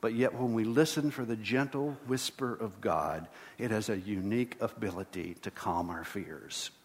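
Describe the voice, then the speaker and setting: A man's voice: lowish voice, moderate pace. A middle-aged man preaching a sermon as pastor, earnest and building to emphatic repeated lines. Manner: earnest, rising to emphatic repetition. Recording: long hall reverb.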